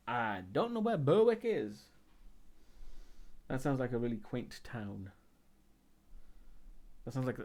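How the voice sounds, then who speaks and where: A Welsh man streaming from home, chatting casually and answering his viewers one by one. His pitch rises and falls a lot, and he corrects himself and adds wry little asides. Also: a little mellow. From Wales. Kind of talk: casual chat reading live chat.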